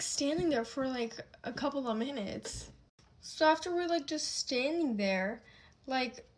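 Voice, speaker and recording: A young woman telling a casual get-ready-with-me storytime, rambling with lots of fillers and restarts. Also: a little high.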